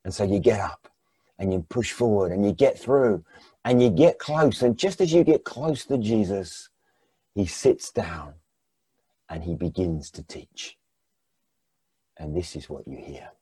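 A man preaching a sermon as second-person guided storytelling, dramatic, swinging between hushed and emphatic. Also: lowish voice, big pitch swings, a little slow, long pauses, husky, dry recording.

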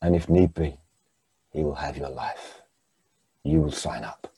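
A man preaching a sermon as second-person guided storytelling, dramatic, swinging between hushed and emphatic. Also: rumbling low, a little slow, creaky, breathy edge, no room sound.

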